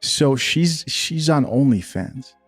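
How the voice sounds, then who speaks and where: A man's voice: mid-range voice, animated, slow, husky, soft background music. A man giving blunt, opinionated commentary as he reacts to a video and talks back to it.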